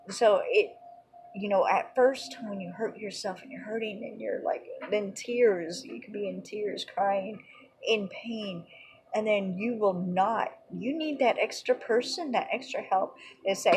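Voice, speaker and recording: A woman's voice: medium pitch, measured pace, darkish tone, rough recording. A woman teaching an informal Bible lesson in a rambling, conversational way, full of "you know" and "um".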